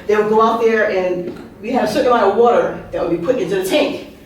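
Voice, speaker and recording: A woman's voice: medium pitch, quick pace. A woman in her fifties telling humorous personal stories at an open mic, chatty and full of asides and questions to the audience. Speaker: open mic speaker and author. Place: art venue open mic. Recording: very echoey room, voice heard from a distance.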